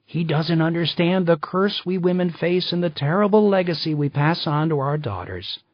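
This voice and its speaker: A woman's voice: lowish voice, animated, moderate pace, no room sound, voice pushed up. A man doing an arch British woman. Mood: exasperated. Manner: arch, exasperated. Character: exasperated British woman, teasing and worldly. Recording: dull lo-fi dry recording.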